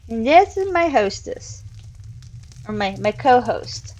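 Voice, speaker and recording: A woman with a somewhat high voice hosts a casual live stream, talking unhurriedly as she builds in a virtual world. She chats, giggles often, and coos at her cats between tasks. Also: sing-song, takes it slowly, pauses often, a little mellow. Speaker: streamer and show host.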